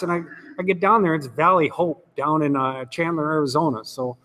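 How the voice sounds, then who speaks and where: A man's voice: on the high side, a little fast, in a large hall, a crowd in the background. Earnest man sharing his recovery story. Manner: earnest, conversational, frequent "you know" and "let me tell you". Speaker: recovery meeting speaker. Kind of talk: personal testimony talk.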